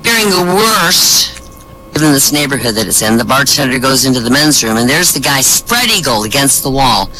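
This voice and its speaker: A man's voice: medium pitch, sing-song, normal speed, sharp tone, slight background noise, poor audio. A man telling a run of comedy jokes at an online comedy show, acting out each character's lines as he goes. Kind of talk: stand-up joke telling in a voice chat room.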